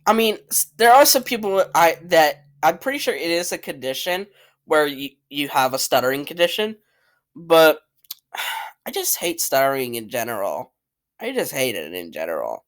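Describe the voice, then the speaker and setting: A channel host ranks cartoon characters in casual, opinionated commentary, blunt and rambling, swearing freely and repeating himself. His voice is a little high and a bit bright, with big pitch swings at normal speed.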